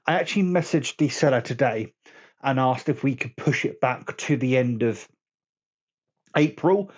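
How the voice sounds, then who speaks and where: A man's voice: medium pitch, moderate pace, muffled recording. A man vlogging about board games in casual chat to camera at home, rambling and correcting his own slips as he goes. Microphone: phone camera.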